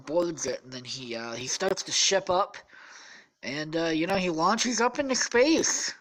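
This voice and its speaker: A woman's voice: on the low side, poor audio. A tired woman hosting a podcast, improvising a rambling, profane story and correcting herself often. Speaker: podcast host.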